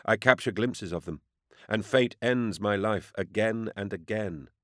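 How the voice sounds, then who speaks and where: A man voicing a gentle, sorrowful female saint who speaks softly and solemnly. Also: lowish voice, a little slow, no echo, clean studio sound, natural voice. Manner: soft, hushed and solemn.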